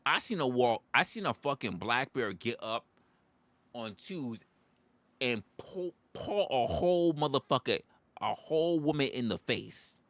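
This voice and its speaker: A man's voice: mid-range voice, animated, a little slow, a bit bright, no room sound. A man hosting a livestream, ranting comically and profanely. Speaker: livestream host. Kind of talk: comedic rant.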